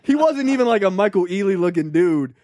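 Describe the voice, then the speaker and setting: A man's voice: high voice, brisk, a crowd in the background. A man co-hosting a movie podcast, talking in a loose, profane, joking way and laughing as he tells things. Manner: animated, profane, laughs while telling. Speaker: podcast co-host. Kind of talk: casual movie-review chat.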